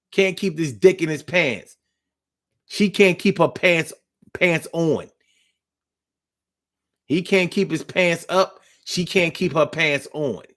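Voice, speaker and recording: A man's voice: on the high side, fairly bright tone. A man hosting a casual livestream talk, ranting bluntly and profanely in slangy street talk while reading viewer comments. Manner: blunt, profane, preachy rant.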